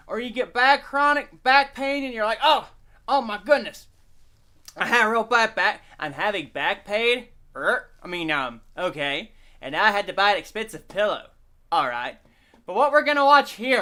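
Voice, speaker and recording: Rowdy, animated man streaming live. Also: very high voice. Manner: rambling, profane, animated, reads chat aloud. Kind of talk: casual live-stream chat.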